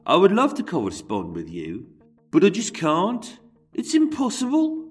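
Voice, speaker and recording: A man voicing a gruff imprisoned letter writer in a put-on Birmingham accent, grumbling and self-important. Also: sits high, huge pitch swings, measured pace, far from the mic, faint music behind, pitched above the performer's own voice, heavily acted.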